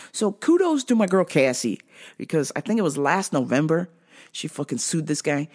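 Animated, profane woman ranting. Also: a bass voice. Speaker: podcast host. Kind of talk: casual solo podcast monologue.

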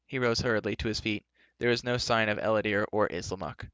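A man narrating a live storybook reading in a steady, even way. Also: lowish voice, fast, clean tone, no room sound, dull audio.

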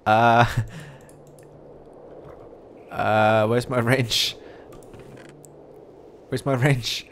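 A man's voice: mid-range voice, unhurried, pauses often, fairly bright tone. A young man commentating his own gameplay, chatty and coaxing animals along, growing easily exasperated. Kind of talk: let's play commentary.

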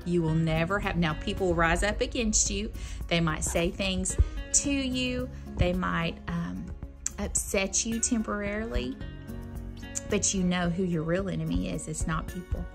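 A woman with a fairly low voice leads a Bible lesson, sincere and encouraging. Music plays clearly behind her. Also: unhurried. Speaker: Bible class teacher.

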